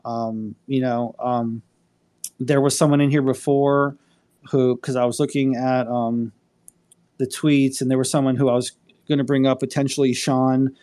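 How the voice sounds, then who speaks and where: Male attorney host, casual, rambling, profane, lots of fillers, mid-pitched voice. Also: little pitch movement, normal speed, dark tone, smooth. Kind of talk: casual live chat.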